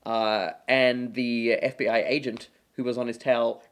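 A man's voice: mid-range voice, flat delivery, unhurried. A man from Australia with a partly Americanized Australian accent, chatting wryly as a podcast guest. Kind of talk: casual chat.

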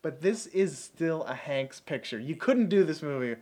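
A man with a slightly high voice hosts a casual podcast. He talks in an upbeat, rambling way. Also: expressive, moderate pace, a little mellow. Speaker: podcast host. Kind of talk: casual chat.

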